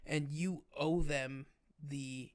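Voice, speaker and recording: A man's voice: fairly high pitch, drawn-out words. Young man telling a wild story. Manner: animated storyteller, acts out others' lines, swears casually. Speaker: podcast co-host, firefighter. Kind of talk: casual storytelling chat.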